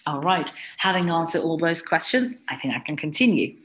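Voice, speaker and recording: A woman's voice: low-pitched, expressive, normal speed, a bit bright, a little hiss or hum. A British woman presenting a live webinar as an English exam teacher, talking conversationally and answering chat questions as they come in.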